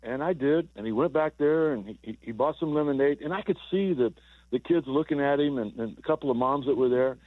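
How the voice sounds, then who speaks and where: A man's voice: medium pitch, fairly quick, dry recording. Older man on a tinny phone line. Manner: rambling, repeats words, chuckles through anecdotes. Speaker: former baseball player guest. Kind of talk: phone-in storytelling on sports radio. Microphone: telephone.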